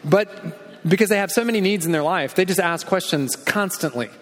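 Pastor preaching in an echoing hall. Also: male voice, moderate pace. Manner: animated storytelling, drops low and quiet for emphasis. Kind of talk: sermon. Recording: long hall reverb.

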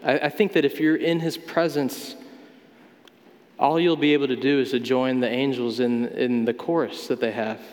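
A man preaching a sermon as pastor, talking in a conversational way with everyday examples. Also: medium pitch. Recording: long hall reverb.

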